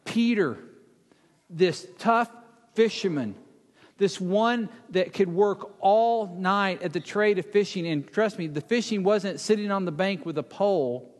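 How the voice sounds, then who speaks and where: A man preaching a sermon, retelling a Bible story dramatically, acting out the speakers and dropping to a hush for emphasis. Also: high-pitched, measured pace. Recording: long hall reverb.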